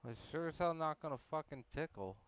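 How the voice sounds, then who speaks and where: Blunt man, crisp, a bit higher pitched. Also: animated, brisk, a bit bright, dry recording. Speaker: friend in the room.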